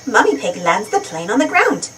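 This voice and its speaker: A woman reading a children's storybook aloud in an animated, sing-song way. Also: mid-range voice, moderate pace. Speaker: storybook reader. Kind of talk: children's read-aloud narration. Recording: distant mic with faint noise.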